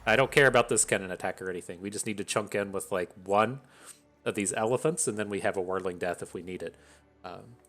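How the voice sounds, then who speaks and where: Low-voiced man musing over a card game. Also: fast talker. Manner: thinks out loud, analytical and wry. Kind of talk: casual gameplay commentary.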